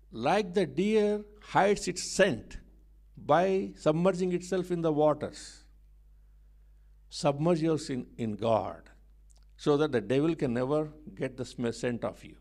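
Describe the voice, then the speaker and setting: A male preacher delivering a sermon with fervent, repetitive emphasis. His voice sits fairly high for a man, and he moves between hushed moments and forceful rises. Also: slow, pauses often. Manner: emphatic, repetitive, swings between soft and loud.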